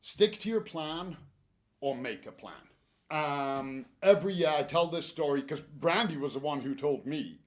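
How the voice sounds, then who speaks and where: A man's voice: fairly high pitch, a little slow. Garden store staffer, man, casual and jokey presenter. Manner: chatty, joking, animated advice.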